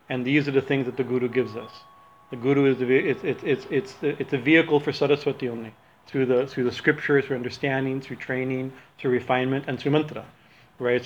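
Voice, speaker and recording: A medium-pitched male religious teacher gives a loose, rambling talk with frequent laughs and self-corrections. The recording is dull and lo-fi, with slight background noise.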